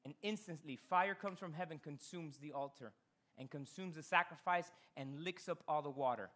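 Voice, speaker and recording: A man preaching a sermon in a church, telling Bible stories with animated delivery and acting out the characters. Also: fairly high pitch, normal speed. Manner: slips into Spanish phrases. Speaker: pastor.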